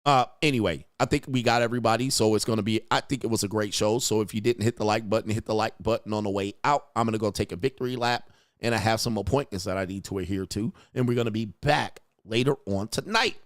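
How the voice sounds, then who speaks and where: A man's voice: on the low side, fast talker, no echo, clean studio sound. Profane, laughing male livestream host. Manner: profane, laughing rants with mocking asides. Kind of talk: casual livestream commentary reading superchats.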